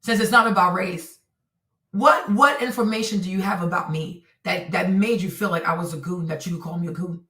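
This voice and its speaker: A woman's voice: on the low side, steady tone, normal speed, a bit bright, far from the mic. Indignant woman streamer, echoey room. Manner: indignant, repetitive rhetorical questions. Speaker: live streamer. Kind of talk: heated live-stream commentary.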